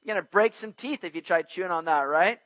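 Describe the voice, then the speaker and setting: A man's voice: high-pitched, fast, dry recording, rough recording. A man preaching a verse-by-verse sermon, asking his listeners questions and acting out everyday scenes. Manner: animated, asks the congregation questions and acts out little scenes. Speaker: pastor. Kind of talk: expository sermon on Proverbs.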